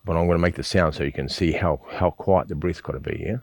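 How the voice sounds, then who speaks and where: A man teaching a qigong breathing exercise, coaching patiently and checking in often with a quick "yeah?". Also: sits low, a little mellow. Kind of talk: guided exercise instruction.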